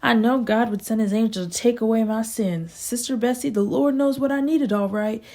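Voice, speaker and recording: A woman's voice: fairly high pitch, moderate pace, dark tone, voice pushed up. A woman voicing a poor, pious and sly old backwoods farmer who talks in a preachy, self-righteous way. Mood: overjoyed.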